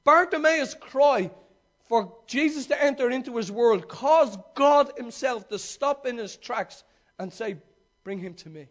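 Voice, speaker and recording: A man's voice: very high voice, unhurried, fairly bright tone. A male preacher giving a sermon, retelling a story with emphatic repetition and direct questions to the congregation.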